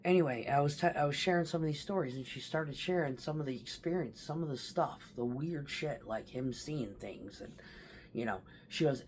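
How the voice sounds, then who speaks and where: A woman's voice: deep voice, normal speed, a little mellow, slight background noise. A woman talking casually to camera about her stepfather's last days, rambling and emotional, with casual swearing. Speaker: vlogger. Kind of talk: casual personal storytelling.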